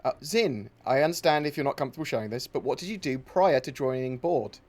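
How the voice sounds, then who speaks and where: A man's voice: mid-range voice, quick pace, a little mellow, faint music behind. A man hosting a casual livestream chat, talking in rambling, self-interrupting bursts. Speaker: livestream host.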